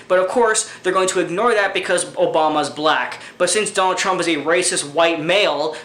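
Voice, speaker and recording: A man's voice: sits high, sharp tone. A man ranting through political commentary, angry and sarcastic, swearing often. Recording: echoey room.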